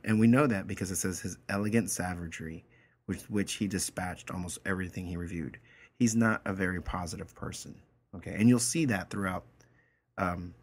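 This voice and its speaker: Casual low-voiced male teacher explaining a story. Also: breathy edge. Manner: casual, explanatory, checks in with "right?" and "okay?". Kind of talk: reading a story aloud and explaining it line by line.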